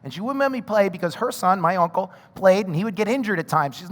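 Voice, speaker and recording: A man preaches with a fairly high voice, shifting into animated storytelling and quick acted-out lines. His sermon rings with the long reverb of a large hall. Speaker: pastor.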